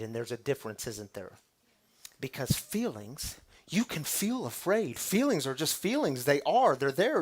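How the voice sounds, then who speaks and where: A man preaching to a live audience, conversational, dropping from loud bursts to near whispers. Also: a little high, big pitch swings, measured pace, husky. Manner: dramatic shifts from loud to hushed; conversational, calls the audience y'all. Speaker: pastor. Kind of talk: sermon.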